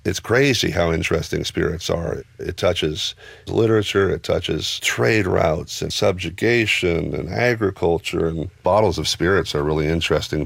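A man who owns bars, talking in an interview in a thoughtful, measured, explanatory way. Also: low voice, creaky, dry recording. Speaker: bar owner and spirits author. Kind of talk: reflective interview talk. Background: music.

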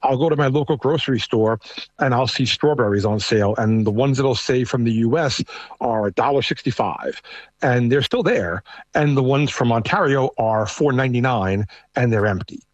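Man, middle-aged, thick New York accent, husky voice, conversational with restarts, dry sound. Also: mid-range voice, moderate pace, dry recording. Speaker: guest, American living in Canada. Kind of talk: casual discussion.

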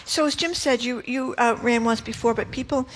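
Female radio co-host, conversational, slightly high pitch. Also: moderate pace, heavy background noise. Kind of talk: live radio interview.

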